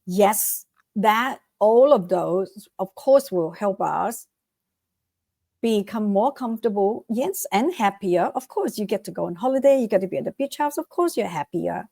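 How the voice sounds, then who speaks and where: A middle-aged woman from Vietnam, a guest author and life coach, answering interview questions with animated, repeated motivational advice and acted-out quotes. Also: mid-range voice, a little slow, vocal fry, no room sound, studio quality. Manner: animated, acts out quoted voices, repeats phrases for emphasis.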